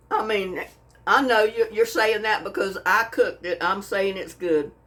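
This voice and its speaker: Her medium-pitched voice is unhurried and a touch bright. She's a Texas woman hosting a cooking channel, gushing folksily over her food in a casual taste-testing vlog, with lots of y'all.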